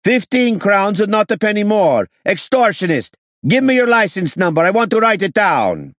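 A man's voice: high voice, big pitch swings, moderate pace, fairly bright tone, no room sound, studio quality, voice pushed up. A man voicing an indignant, stingy passenger who screams his words.

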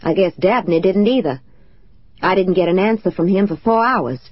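A woman narrator voicing a stern, proud grown man who speaks bluntly and reproachfully, in a slightly lowered voice. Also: normal speed, lo-fi sound, a little hiss or hum, natural voice.

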